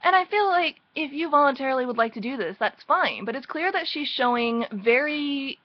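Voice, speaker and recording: A woman's voice: high-pitched, expressive, normal speed, highs cut off. A woman recapping book chapters in a casual, rambling way, full of sarcastic and mocking asides. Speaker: book reviewer.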